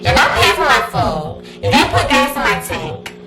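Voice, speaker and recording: A woman's voice: high voice, very animated, moderate pace, noisy background. A woman scolding someone in a confrontational way. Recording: echoey, distant, with music over it.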